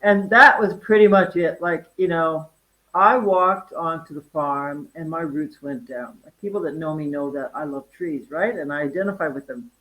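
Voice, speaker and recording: A woman in her fifties from North Dakota, a guest chatting casually about her wellness farm, animated and full of fillers and laughs. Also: low voice, normal speed, rough recording. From North Dakota, USA. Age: 50s. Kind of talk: casual interview chat.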